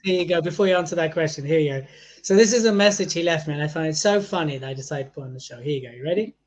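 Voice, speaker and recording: A man hosting a podcast, teasing his co-host and moving the interview along. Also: on the high side. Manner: teasing, quick-witted.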